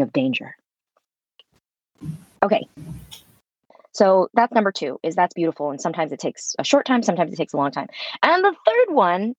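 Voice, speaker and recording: A woman's voice: low-pitched, no echo, muffled recording. A woman voice coach speaking earnestly and reflectively in an interview, with a spiritual bent. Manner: earnest, spiritual, expressive, laughs fully. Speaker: voice coach, guest.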